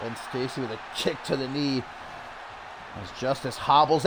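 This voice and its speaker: A man calling a wrestling match play by play, getting excited and shouting at the big moments. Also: medium pitch, moderate pace, long pauses. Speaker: wrestling commentator. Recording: loud crowd and noise behind. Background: cheering crowd.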